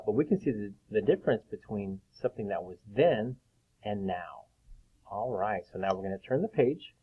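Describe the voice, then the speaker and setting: Male teacher for young children, lowish voice, patient, sounds out letters, tinny phone-like recording. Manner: frequent throat clearing. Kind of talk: classroom lesson for young children.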